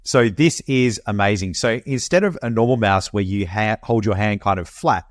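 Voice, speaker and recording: This is an Australian man in casual podcast chat. His voice sits a bit low. He sounds laid-back and swears freely. The sound is dry and close. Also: moderate pace, no echo. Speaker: podcast co-host. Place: home, Perth.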